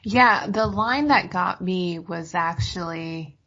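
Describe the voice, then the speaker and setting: A woman's voice: lowish voice, slow, a bit bright, lo-fi sound. A woman hosting a podcast, leading a casual discussion in a thoughtful way. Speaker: podcast host.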